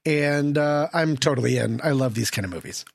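A man's voice: mid-range voice, brisk, gravelly, no echo, clean studio sound. A man co-hosting a casual movie podcast, rambling, self-deprecating and laughing often. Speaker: podcast co-host. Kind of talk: casual chat.

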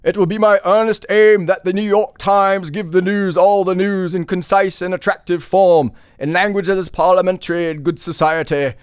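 A man's voice: high-pitched, steady tone, normal speed, hardly any pauses, clean tone, no echo, studio quality, pitched above the performer's own voice, lightly acted. A man putting on the voice of a 1930s radio newsman, declaiming in an old-time newsreader cadence. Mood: declamatory.

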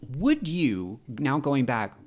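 A man co-hosting a podcast, discussing a film in casual chat, with animated, rising delivery. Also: slow. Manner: animated, rises sharply in pitch when excited.

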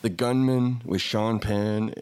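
A man's voice: lowish voice, fairly even intonation, takes it slowly, darkish tone, clean tone. A man co-hosting a movie podcast, talking in an enthusiastic, rambling, profane way. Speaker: podcast co-host. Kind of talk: casual chat.

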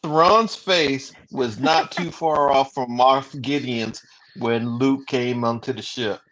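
A man co-hosting a casual fan podcast, talking in a laid-back, measured way. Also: medium pitch, fairly bright tone, muffled recording. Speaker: podcast co-host.

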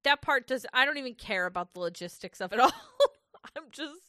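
A woman's voice: fairly high pitch, lively intonation, brisk, pushed and bright, no room sound, studio quality. A woman co-hosting a casual recap podcast, ranting, swearing and laughing as she goes. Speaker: podcast co-host.

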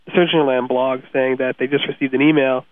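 A man with a New York accent talks fast and low-key as co-host of a news chat. The sound is dry and tinny, like a phone call. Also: flat delivery, no room sound. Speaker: podcast co-host.

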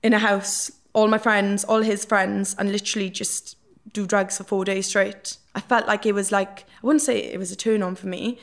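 A woman's voice: mid-range voice, level tone, normal speed. A young Welsh woman talks as an interview guest, with a middle-range voice. She tells her stories openly in a loose, casual ramble, and fillers keep creeping into her speech. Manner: rambling, frank, peppered with fillers. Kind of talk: casual candid storytelling.

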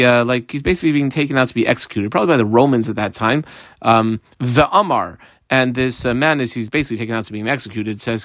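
A man giving a Talmud class, reading out Aramaic phrases and explaining each one in plain, casual English. His voice sits in a middle pitch. The recording is dry and close. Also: a bit bright, no room sound. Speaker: Talmud teacher. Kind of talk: Talmud lesson.

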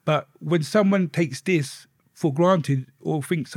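A middle-aged man, a softly spoken interview guest telling his life story and swearing freely. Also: a little high, takes it slowly, no room sound, clean studio sound.

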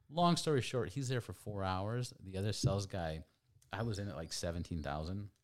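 A man in his thirties hosting a podcast, telling loose, animated anecdotes with casual swearing. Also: low-pitched, a little fast. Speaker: podcast host.

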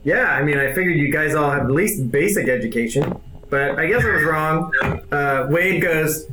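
A man's voice: fairly high pitch, normal speed, pushed and bright, slight background noise. A man narrating a tabletop game as game master, loose and rambling with lots of fillers and jokes. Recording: echoey room.

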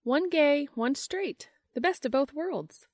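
A lively, excitable young woman friend, voiced by a woman narrator. She talks high and bright and eager, jumping into the banter. The recording is close and dry. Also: slow pace, no echo. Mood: eager teasing. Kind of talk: audiobook reading.

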